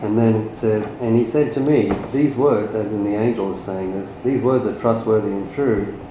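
A man with a somewhat low voice reads scripture aloud in a loose, chatty way. He sounds set back from the microphone in an echoey room, with clear background noise around him. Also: normal speed. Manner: casual, reads passages aloud in a loose, conversational way. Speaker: study group participant. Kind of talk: reading scripture aloud and commenting. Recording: echoey, noisy room, voice off-mic.

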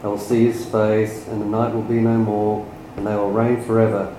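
A man with a somewhat low voice reads scripture aloud in a loose, chatty way. He sounds set back from the microphone in an echoey room, with clear background noise around him. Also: flat delivery, moderate pace, warm tone. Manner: casual, reads passages aloud in a loose, conversational way. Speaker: study group participant. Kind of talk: reading scripture aloud and commenting. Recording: echoey, noisy room, voice off-mic.

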